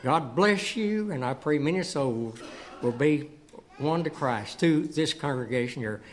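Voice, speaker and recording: Man, folksy church storytelling, fairly high voice, guest speaker. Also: animated, measured pace. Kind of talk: church testimony and sermon. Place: church sanctuary.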